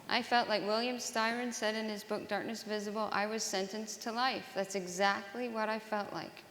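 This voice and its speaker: A woman's voice: medium pitch, fairly even intonation, fairly bright tone, a little hiss or hum. Woman sharing her story, earnest, stops and restarts a lot, big echoey hall. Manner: earnest, halting, with repeated restarts. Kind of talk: personal testimony talk to an audience. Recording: roomy hall with long reverb.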